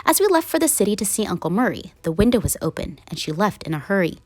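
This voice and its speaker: A woman reading a rhyming children's picture book aloud in an animated, singsong way. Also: mid-range voice, quick pace, dry recording. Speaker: read-aloud narrator.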